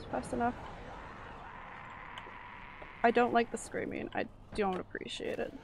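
A woman's voice: a little high, unhurried, vocal fry, pauses often, noisy background. A woman streaming a game live, giving an anxious running commentary full of swearing.

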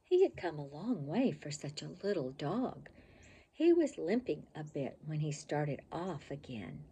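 An older woman reading a picture book aloud as a storyteller, in an expressive, slow and animated way. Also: sits low, slightly rough.

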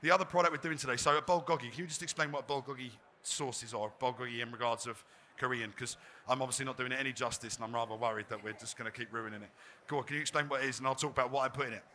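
Bright chatty chef at a demo. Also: male voice, mid-range voice, steady tone, very fast, few pauses, a little hiss or hum. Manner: chatty, joking, self-deprecating. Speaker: chef giving a cooking demonstration. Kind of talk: live cooking demo talk. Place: trade fair demo stage.

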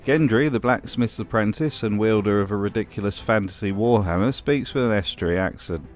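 A man's voice: on the low side, a little fast, darkish tone, soft background music. A man narrating a scripted commentary with dry, sarcastic humor. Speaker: video essay host.

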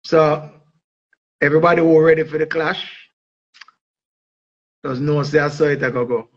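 A man with a Jamaican accent, chatting in an animated, hyped-up way and mixing patois into his English. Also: on the high side, moderate pace, lo-fi sound. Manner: animated, mixes patois with English, bursts into singing. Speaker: vlogger. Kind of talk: casual hype monologue.

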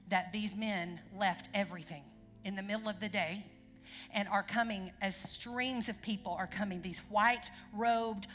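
A woman preaches a sermon in a church sanctuary, talking with the congregation and checking in with questions. Her voice sits high and sounds bright and sharp. Her words ring with a long hall reverb. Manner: conversational, asks the congregation questions.

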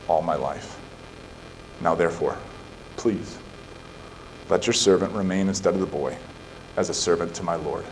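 A male pastor preaching a sermon, building emphatic rhetorical questions and then reading scripture aloud at a steady pace. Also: lowish voice, a little hiss or hum, low-quality recording. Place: church sanctuary.

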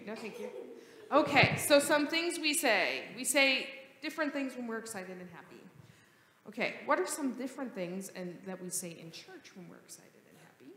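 A woman pastor reading the gospel and then leading a lively, playful children's sermon in church. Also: on the high side. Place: church sanctuary. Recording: roomy church reverb.

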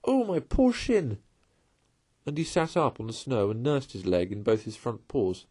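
A man reading a classic storybook aloud in an expressive way. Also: fairly low pitch, normal speed, dry recording.

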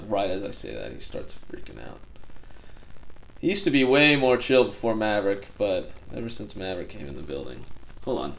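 A young man casually chatting on a live stream from home, chatty and excitable. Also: lowish voice, gravelly, slight background noise. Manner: chatty and excitable, laughs easily. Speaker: card-collecting streamer. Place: home room.

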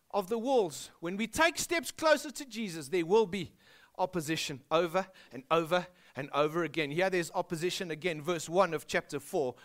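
A South African pastor preaching a sermon, animated and emphatic, dropping his voice low on key words.

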